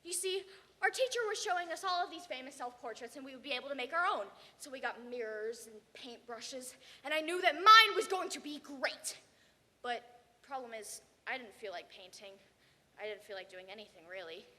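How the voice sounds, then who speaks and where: A teenage girl giving a theatrical competition performance, swinging between hushed and shouted lines. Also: high voice, lively intonation, a little fast, long reverb tail. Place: banquet hall.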